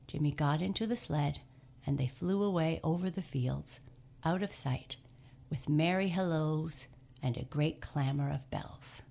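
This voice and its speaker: Woman narrator, storybook reading, low and gravelly, measured pace. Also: a little mellow. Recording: faint music under voice.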